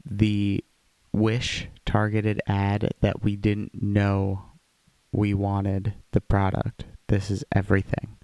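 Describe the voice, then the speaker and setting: A man's voice: fairly low pitch, monotone, takes it slowly, a little mellow, no echo. A man co-hosting a podcast, chatting casually with rambling, jokey wordplay. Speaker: podcast co-host. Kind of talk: casual chat.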